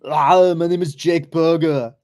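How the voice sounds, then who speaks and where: A man's voice: on the high side, unhurried, voice pushed up, close to an everyday voice. A man putting on a hulking foreign action-movie star with an Austrian accent, speaking stiff and clipped. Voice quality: thick accent, flat clipped delivery.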